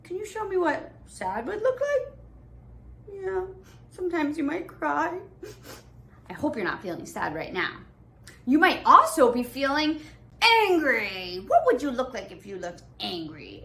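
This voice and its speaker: A woman teaching an online preschool class, talking to small children in a bright sing-song voice. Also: high-pitched, big pitch swings, moderate pace, vocal fry, slight background noise.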